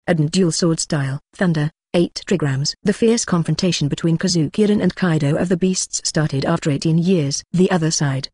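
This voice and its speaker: A text-to-speech voice reading an audiobook in a flat, even manner. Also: mid-range voice, fairly quick, few pauses, no echo, studio quality. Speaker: audiobook narrator. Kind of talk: scripted narration.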